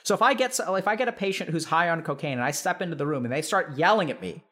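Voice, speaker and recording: A man speaks in a notably high voice to a live chat audience. He is a psychiatrist and talks loosely and animatedly. He peppers his talk with "like" and calls his listeners y'all. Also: fast. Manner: animated, full of "like" fillers, addresses listeners as y'all.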